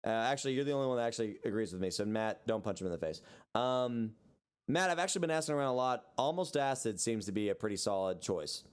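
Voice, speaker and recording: Young male podcast co-host, animated pitch, rambling casual banter. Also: quick pace, clear, resonant tone. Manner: rambling, joking, lively.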